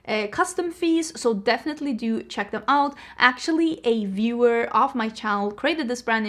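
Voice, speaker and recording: A woman hosting a beauty channel, talking casually to camera in a chatty, animated way with jokey rants. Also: fairly high pitch.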